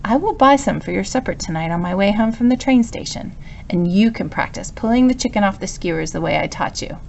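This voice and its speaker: A gentle, doting professor coos over his puppy, praising him warmly and giving soft commands, as a woman reads him. The voice sits at an ordinary middle pitch with a faint hush behind it. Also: lively intonation, a little fast, creaky, lo-fi sound, slight background noise. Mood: affectionate. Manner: tender, coaxing, praises like talking to a baby. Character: gentle kindly professor, man, dog owner.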